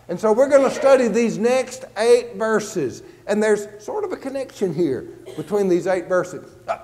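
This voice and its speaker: A man preaching to a congregation in a church sanctuary, and his voice sits fairly high for a man. His teaching is plain and conversational, and he slows down when he reads scripture aloud. The sound carries a long reverb from the hall. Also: darkish tone. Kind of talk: sermon.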